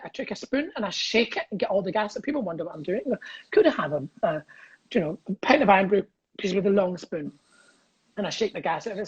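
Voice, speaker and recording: A middle-aged Scottish man, a comedian, telling cheeky anecdotes over a video call, quick and giggly, acting out voices in his stories. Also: sits high, slightly rough, lo-fi sound. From Scotland. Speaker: comedian guest. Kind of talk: casual storytelling chat.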